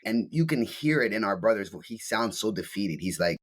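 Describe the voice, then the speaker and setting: A man's voice: lowish voice, animated, fairly quick, hardly any pauses, husky. Blunt, profane man telling a story. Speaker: podcast guest. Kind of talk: casual storytelling.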